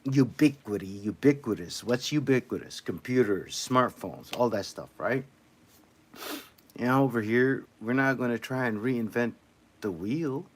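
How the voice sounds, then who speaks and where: A man's voice: mid-range voice, unhurried. A man livestreaming, chatting casually to viewers in a loose, rambling way with lots of repeated phrases.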